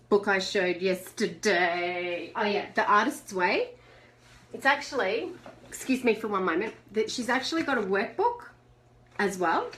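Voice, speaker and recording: A woman's voice: medium pitch, fairly bright tone. A middle-aged woman hosting a live video chat. She talks chattily, reads out viewer messages, and laughs often. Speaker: host.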